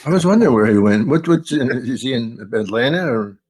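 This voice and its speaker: A man, a comedian hosting a podcast, telling rambling stories in casual chat, with halting, stammered restarts. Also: medium pitch, expressive, a little mellow, husky.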